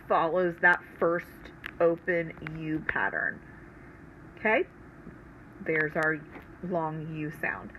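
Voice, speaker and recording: A woman teacher giving a recorded spelling lesson to children, speaking slowly and patiently with careful enunciation. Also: on the low side, sharp tone, slight background noise, rough recording. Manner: slow, patient, clearly enunciated instruction.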